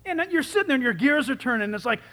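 A man preaching a sermon in an animated, enthusiastic way, his loudness swinging from soft to loud. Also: very high voice, very fast, in a large hall.

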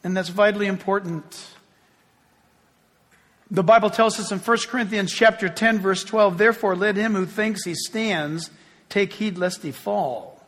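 A man preaching a sermon as pastor, emphatic and swinging from quiet, low asides to loud, ringing appeals. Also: a little slow. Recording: long hall reverb.

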